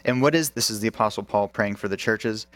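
A man's voice: fairly low pitch, a little fast, fairly bright tone, no echo. A male pastor preaching a sermon with emphasis, asking the congregation questions.

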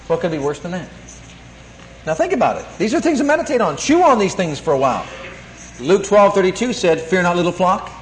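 A man's voice: a little high, a little hiss or hum. A man preaching a sermon, quoting scripture and repeating key lines with emphasis. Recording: echoey room, 1982 tape.

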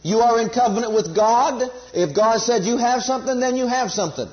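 Male preacher, high-pitched, emphatic sermon delivery with repeated refrains, muffled lo-fi recording. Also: fairly quick. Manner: emphatic, repeats key phrases, leads congregation call-and-response.

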